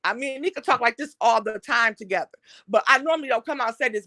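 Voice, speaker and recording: High, bright-voiced woman ranting. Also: fast talker, no echo. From Detroit, USA. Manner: blunt, heated, frequent swearing. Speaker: online talk show host. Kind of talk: impassioned unscripted monologue.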